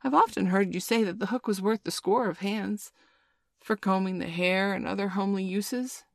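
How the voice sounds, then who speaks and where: A woman's voice: medium pitch, steady tone, normal speed, vocal fry, no echo, studio quality, pitched above the performer's own voice, close to an everyday voice. A woman voicing a simple, eager male pirate sidekick in a storybook reading, raising her voice into an earnest, slightly naive tone.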